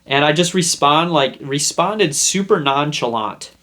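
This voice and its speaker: A man's voice: on the high side, animated, measured pace, pushed and bright. A young man hosting a self-help video, chatting casually and rambling through a story he acts out. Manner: rambling, acts out scenes in put-on voices. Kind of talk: casual talk to camera.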